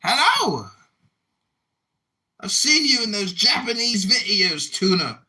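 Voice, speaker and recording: Man in his forties, mocking and shouting, animated pitch, very bright sharp voice, livestream argument. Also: slow. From United States. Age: 40s. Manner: mocking, shouting insults, mock British slang. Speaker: livestream host.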